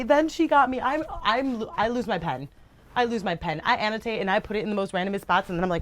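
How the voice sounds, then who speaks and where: A young woman talking casually to camera as a book reviewer, animated and gushing, swearing freely. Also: medium pitch, fast talker, slight background noise. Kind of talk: casual chat.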